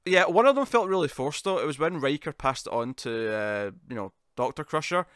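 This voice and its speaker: A man chats through a TV episode recap with a fellow host, laughing often. He slips into animated voices when he quotes characters. His voice sits a touch high, and the sound is dry and close. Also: brisk, clear, resonant tone, dry recording. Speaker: podcast co-host. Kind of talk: casual review chat.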